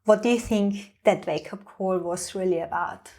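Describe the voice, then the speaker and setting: A woman hosting a podcast interview, asking questions gently and affirming her guest as she listens. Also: medium pitch, moderate pace. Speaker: podcast host. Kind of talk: interview conversation.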